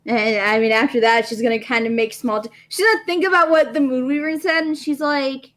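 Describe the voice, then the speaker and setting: A woman's voice: high-pitched, fairly even intonation, fairly quick, few pauses, fairly bright tone. A woman playing a tabletop game, casually and somewhat hesitantly narrating her character's actions.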